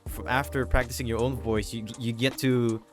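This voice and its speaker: Relaxed man rambling on a podcast. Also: mid-range voice, moderate pace, faint music behind. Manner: relaxed, rambling retelling with restarts. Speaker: podcast host. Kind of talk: casual podcast chat.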